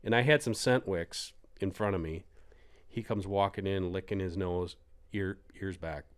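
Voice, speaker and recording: A middle-aged man telling a hunting story on a podcast in casual chat, acting out quotes with sudden jumps in pitch. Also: moderate pace, smooth. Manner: animated, acts out quotes with big pitch jumps.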